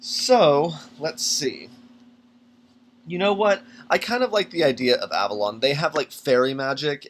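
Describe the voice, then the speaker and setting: A man hosting a tabletop game podcast, talking casually on his own as he builds a character, thinking aloud with many pauses and restarts. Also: mid-range voice, fairly bright tone. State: has the hiccups. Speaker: podcast host making a character. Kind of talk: casual solo walkthrough.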